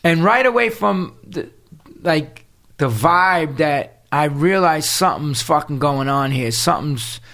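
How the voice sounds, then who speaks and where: A man's voice: fairly high pitch, a little slow, creaky. Middle-aged New man, podcast guest, raised voice, blunt and profane storyteller. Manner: profane, animated street-talk storytelling. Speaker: podcast guest, punk singer. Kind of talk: storytelling in casual interview.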